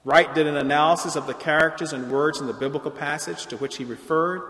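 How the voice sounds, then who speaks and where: A man giving an academic lecture in a measured, explanatory way, with occasional restarts. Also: a little high, fairly even intonation, fairly bright tone. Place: large lecture hall. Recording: roomy hall reverb.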